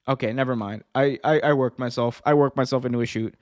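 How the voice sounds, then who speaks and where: A man's voice: mid-range voice, fairly even intonation, fast, a little mellow. A man hosting a casual wrestling news podcast, rambling, joking and correcting himself as he goes. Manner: rambling, self-correcting, jokey. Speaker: podcast host.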